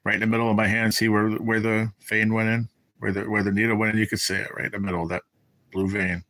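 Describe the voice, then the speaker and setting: A middle-aged livestreamer talks at a quick pace in a fairly low voice that barely moves in pitch, sounding pushed and bright with no room sound. Though sick and in cancer treatment, he reads chat aloud and spins blunt, profane stories on his phone or webcam mic.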